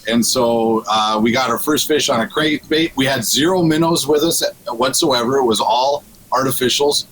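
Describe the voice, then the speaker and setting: Man, middle-pitched, casual radio guest, rambling, restarts often, chuckles. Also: moderate pace, fairly bright tone, a little hiss or hum, rough recording. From Minnesota. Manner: rambling with frequent restarts and laughs.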